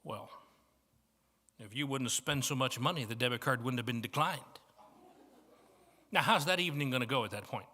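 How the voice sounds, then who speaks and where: A man with a Midwestern American accent preaching a sermon as guest preacher, telling stories and moving between soft asides and emphatic points. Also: mid-range voice, normal speed, long pauses. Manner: storytelling with shifts from soft to emphatic. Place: church banquet hall. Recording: reverberant banquet hall.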